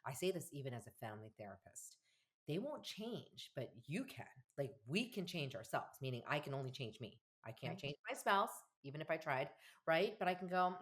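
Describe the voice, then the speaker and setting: A woman in her fifties, a family therapist talking in an interview, animated and acting out quoted dialogue with laughs. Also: very deep voice, a little fast. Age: 50s. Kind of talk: conversational podcast interview.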